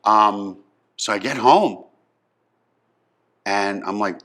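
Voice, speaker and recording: Bright-voiced man in his fifties, emphatic. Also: fairly low pitch, extremely slow. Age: 50s. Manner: emphatic, swings from subdued to excited. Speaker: storyteller. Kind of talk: personal storytelling.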